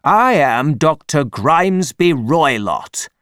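Man doing a angry big bully, loud, slow, menacing, dry sound. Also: a little high, sing-song, no echo, full character voice. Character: huge angry threatening older man, a bully.

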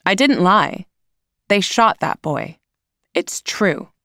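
A woman's voice: fairly low pitch, animated, takes it slowly, a bit bright, no room sound, studio quality, heavily acted. A woman reading aloud, voicing a blunt, defiant teenage girl.

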